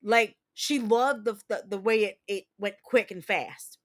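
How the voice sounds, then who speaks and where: A woman's voice: medium pitch, measured pace. A woman in her thirties hosting a casual livestream chat, telling personal stories candidly and emotionally, with a noticeable accent and mild swearing. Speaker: streamer host.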